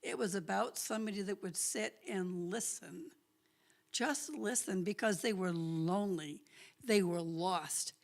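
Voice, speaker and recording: A woman telling a lively story at a church talk, chatty and laughing often. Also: medium pitch, measured pace, vocal fry. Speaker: guest speaker.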